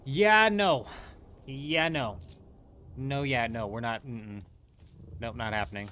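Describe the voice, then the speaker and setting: Young man, game streamer, bright tone, playful banter, live commentary. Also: mid-range voice, a little slow, slight background noise. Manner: playful, trash-talking, animated outbursts.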